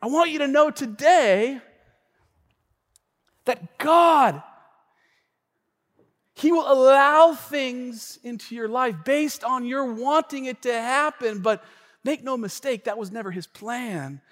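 Animated high-voiced pastor in a reverberant church. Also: male voice, slow pace, long pauses. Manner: animated storytelling, conversational asides. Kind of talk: sermon. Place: church sanctuary.

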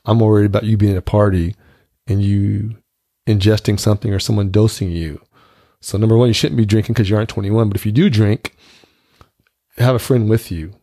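A man's voice: on the low side, fairly even intonation, fairly quick, dark tone, dry recording, studio quality. A man in his fifties talking frankly and earnestly in a casual conversation, often repeating words as he starts a thought.

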